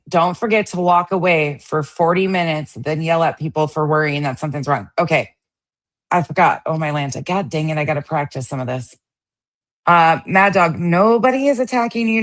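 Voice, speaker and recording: A woman hosting a casual commentary show, reacting to stream clips in a sarcastic, profane and mocking way. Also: low-pitched. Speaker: host.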